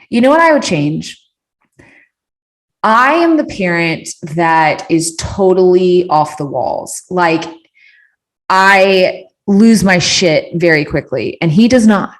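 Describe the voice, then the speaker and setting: A woman chats candidly in her thirties' voice, pitched a little low. She rambles through listener questions with plenty of fillers, restarts and casual swearing. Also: lively intonation, slow. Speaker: podcast host answering listener questions. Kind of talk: casual chat.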